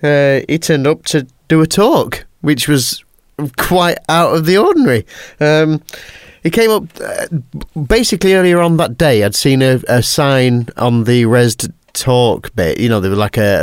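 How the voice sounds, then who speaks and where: A man hosting a podcast in casual chat, jokey and quick to laugh, and reading listener emails aloud. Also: medium pitch, dry recording, clean studio sound. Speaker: podcast host.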